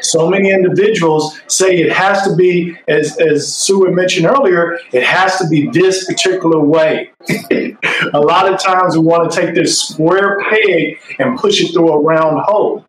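High-voiced earnest man in an echoey room. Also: fairly even intonation, normal speed, a little hiss or hum. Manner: earnest, emphatic. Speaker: podcast panelist. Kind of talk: casual discussion.

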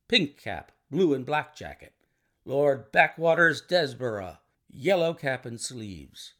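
A man narrating a classic detective story aloud in an expressive, dramatic reading. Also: mid-range voice.

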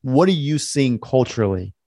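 A man's voice: medium pitch, expressive, moderate pace, mellow, dry recording. An enthusiastic man hosts a casual podcast interview and laughs easily. His voice sits mid-range, and the recording is dry and close. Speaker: podcast host. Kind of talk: conversational interview.

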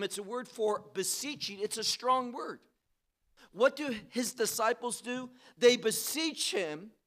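A man teaching the Bible at a conference. He speaks emphatically, asks rhetorical questions and swings between soft and loud phrases. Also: sits high.

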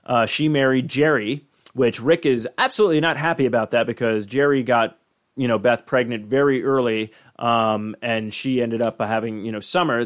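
A man hosting a podcast in casual chat, rambling with many restarts and swearing freely. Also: mid-range voice. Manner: rambling, profane, frequent restarts. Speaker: podcast host.

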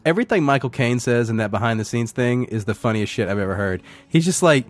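A man co-hosting a podcast, chatting casually about a film, animated and quick to laugh and swear. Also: medium pitch, soft background music. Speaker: podcast co-host.

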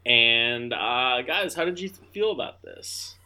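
Bright-voiced male podcast host. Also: medium pitch, expressive, slow pace. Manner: laid-back, loose, swears freely. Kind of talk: casual chat.

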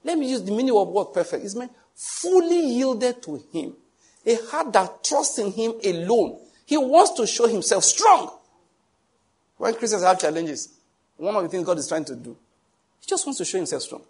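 A man's voice: high voice, very animated, normal speed, a little mellow, slightly rough. A man preaching a sermon emphatically and asking the congregation questions. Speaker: pastor.

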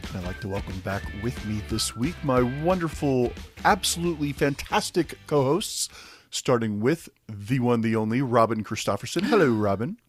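A man's voice: mid-range voice, lively intonation, normal speed, soft background music. A man hosting a casual podcast chat in an easygoing, rambling way, often restarting his sentences. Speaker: podcast host.

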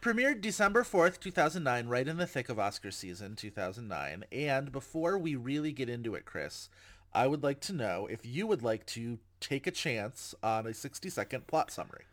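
A man's voice: medium pitch, sing-song, moderate pace, fairly bright tone. A man hosting a podcast in casual chat, with a wry, joking delivery. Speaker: podcast host.

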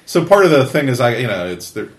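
A man's voice: mid-range voice, sing-song, quick pace, crowd noise. A man hosting a casual podcast in a studio, rambling with many fillers and restarts. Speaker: podcast host. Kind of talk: casual chat.

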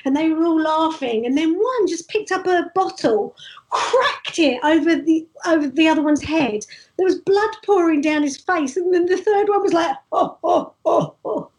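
A high-voiced woman recounts her street-show stories in a loose, chatty way. She jumps between thoughts, restarts her sentences and keeps the anecdotes lively. The voice sits well above the usual range for women. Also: normal speed. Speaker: street performer guest. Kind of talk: casual interview storytelling.

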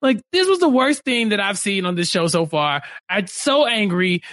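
A man's voice: high voice, big pitch swings, a little fast, fairly bright tone, no room sound, clean studio sound. A man co-hosting a podcast, ranting in an exasperated, exclamatory way during a casual reality-show recap over a video call. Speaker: podcast co-host.

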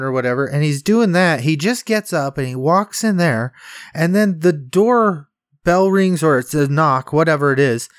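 A man's voice: on the high side, animated, moderate pace, no room sound, clean studio sound. A man co-hosting a casual movie review chat, rambling and laughing often as he acts out lines from the film. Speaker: podcast co-host.

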